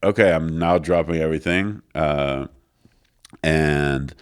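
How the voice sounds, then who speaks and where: A man's voice: a bass voice, slow pace, clean tone. A middle-aged man, telling stories as a guest in a studio interview, acting out the dialogue. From France. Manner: animated storyteller, acts out quoted dialogue, many fillers. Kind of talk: casual storytelling interview. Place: recording studio.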